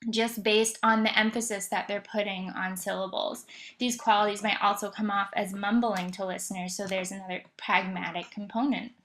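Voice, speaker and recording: A woman's voice: mid-range voice, fairly bright tone. Woman, lecture voice-over, methodical explainer, occasional um and restarts. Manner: explanatory, occasional fillers and self-corrections. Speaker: presenter of an educational slideshow. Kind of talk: scripted educational narration.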